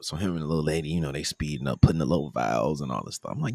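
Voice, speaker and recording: Deep-voiced man with a gravelly edge, chatty vlogger telling a story, swings his pitch a lot, dry close sound. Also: rapid-fire, few pauses, no room sound. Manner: animated, acts out quoted people in a higher voice. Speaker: vlogger live-streaming his trip. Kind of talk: casual storytelling.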